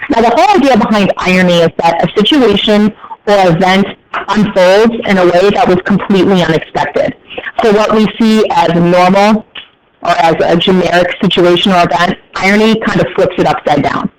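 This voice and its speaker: American guy teacher talking to a class, kinda high voice, chatty w/ jokes, noisy recording. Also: moderate pace. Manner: chatty, joking asides to students. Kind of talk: classroom lecture.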